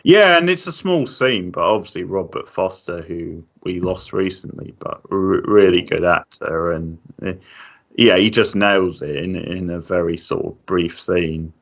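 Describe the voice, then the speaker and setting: A man's voice: low-pitched, a little slow, vocal fry. A man reviewing a film in casual chat, hesitant, with many fillers and restarts.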